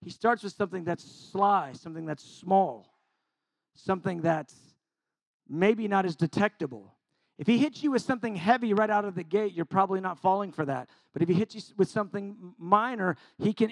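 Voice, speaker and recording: High, gravelly-voiced animated preacher. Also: male voice, normal speed, no echo. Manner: animated and conversational, acting out quotes with self-deprecating humor. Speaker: Bible teacher. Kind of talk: informal sermon.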